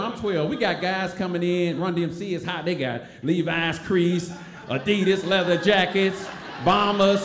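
A man from Detroit tells a comic story on stage with a high, lively voice that jumps around as he acts out the people in it. A faint hum sits behind him. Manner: animated, acts out voices, laughs while telling. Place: stage before a live audience.

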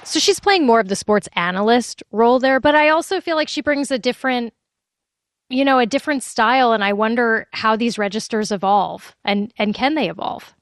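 Gravelly-voiced woman host, dry sound. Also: on the high side, a little fast, no room sound. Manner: curious, conversational. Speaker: radio host. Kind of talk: interview hosting.

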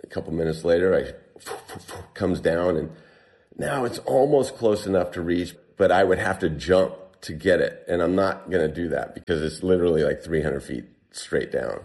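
A man's voice: low voice, normal speed, gravelly. A man telling a personal story casually to an interviewer, often saying "like". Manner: animated, heavy use of "like". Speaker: guest telling a survival story.

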